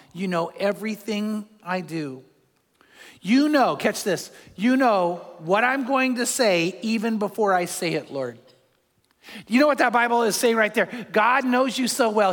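Older male preacher, fairly high-pitched, chatty animated sermon, long echo of a church hall. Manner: conversational and animated, chuckling as he preaches. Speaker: pastor.

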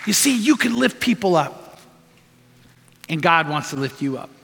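In a sing-song voice that is high and bright with vocal fry, a pastor preaches at normal speed, weaving stories and repeating earnest commands to press his point. Long reverb follows each phrase through the hall, with some chatter behind him and slight background noise.

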